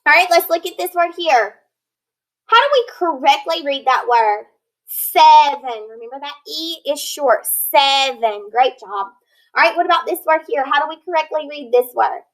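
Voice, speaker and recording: High-voiced woman teaching phonics. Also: lively intonation, fairly bright tone, rough recording. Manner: slow, clear modeling of words; patient, encouraging. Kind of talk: phonics lesson.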